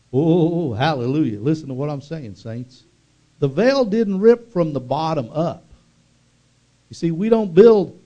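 Man preaching a sermon, kinda high voice, asks for amens, gets loud and fired up. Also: lo-fi sound. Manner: call-and-response, builds to fervent shouting. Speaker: pastor.

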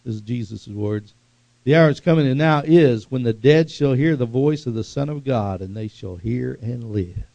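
Guy preaching hard, gravelly voice, gets loud in bursts, kinda dull dry recording. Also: mid-range voice, normal speed, no room sound. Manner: fervent, animated preaching with sudden loud bursts. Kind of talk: sermon.

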